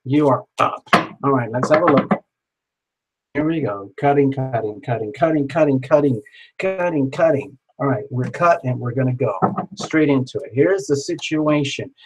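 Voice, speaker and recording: Chatty, excitable man hosting a live stream. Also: mid-range voice, a little hiss or hum, poor audio. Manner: chatty, excitable, joking with viewers. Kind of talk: casual live-stream chat.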